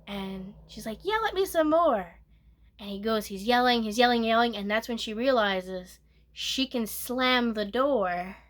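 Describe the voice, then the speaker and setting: A woman giving a soft-spoken ASMR movie recap, rambling and correcting herself, sometimes dropping to a whisper. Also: fairly high pitch, steady tone, unhurried. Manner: rambling, self-correcting retelling with filler "like". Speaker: movie reviewer.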